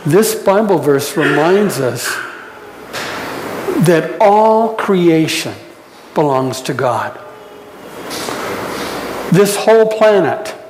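A man with a high voice delivers a sermon at an unhurried pace. He preaches in a reflective way and leaves pauses between phrases. His voice rings through a roomy space with a long reverb tail. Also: expressive, noisy background. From United States. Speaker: pastor.

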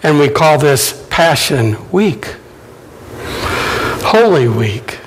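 A man preaching with a high, lively voice that rises and falls widely. He speaks slowly and deliberately, and he acts out quoted lines in shifting voices as he preaches. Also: slight background noise, poor audio. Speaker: pastor. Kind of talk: sermon.

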